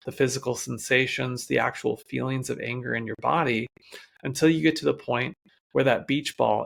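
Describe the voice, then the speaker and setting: Man, gravelly fry-heavy voice, mid pitch, calm coaching podcast host, talks straight to listeners. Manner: calm explanatory, addresses listeners directly. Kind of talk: solo podcast talk.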